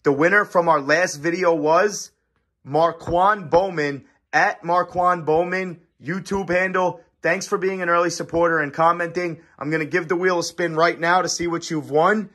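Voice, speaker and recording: A man's voice: fairly high pitch, steady tone, normal speed, fairly bright tone. Eager man hosting an unboxing vlog. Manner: eager, chatty, addresses viewers directly. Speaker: card-opening channel host.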